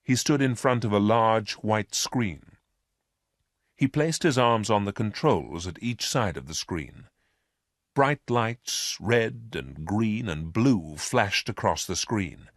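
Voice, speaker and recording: A man reads a story aloud, clear and deliberate. His voice sits low, moves slowly, and swings widely in pitch. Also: animated, no echo, clean studio sound. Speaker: narrator. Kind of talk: storybook reading.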